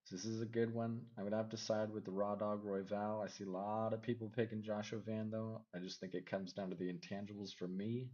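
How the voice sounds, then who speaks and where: Low-voiced man rambling through fight picks. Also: level tone, brisk, few pauses, muffled recording. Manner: rambling, second-guesses himself out loud. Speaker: MMA fight picks vlogger. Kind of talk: casual fight predictions.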